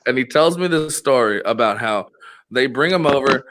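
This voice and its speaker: A man spins a meandering, profane yarn on his podcast, stumbling through restarts and laughing as he goes. His voice is bright and forward, at an ordinary middle pitch for a man. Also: lively intonation, normal speed. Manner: rambling, profane, laughs a lot, acts out quoted voices. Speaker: podcast host. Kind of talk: casual storytelling chat.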